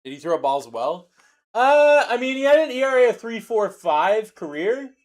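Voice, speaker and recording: A young man with a slightly high voice hosts a card-break livestream. He chats casually and jokes between the cards he calls out. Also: sing-song, normal speed. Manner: loose, joking banter while calling out cards. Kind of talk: casual live-stream chat.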